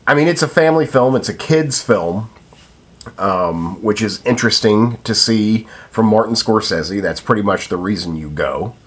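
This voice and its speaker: A man's voice: lowish voice, slightly rough. A young man giving a casual spoken film review, hesitant and full of ums and uhs.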